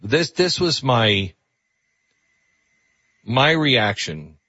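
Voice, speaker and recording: In slightly muffled radio studio audio with no room sound, a radio talk show host runs a call-in program using a husky, mid-range voice and drawn-out words. He's earnest and animated, restarting his sentences again and again.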